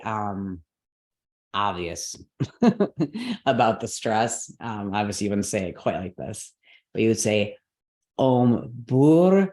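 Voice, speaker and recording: A woman teaching an online mantra lesson as a yoga and Sanskrit teacher. She explains step by step, checks in often with okay and all right, and slows down to spell out syllables. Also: rumbling low, a little mellow. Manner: patient explaining with frequent okays and all rights.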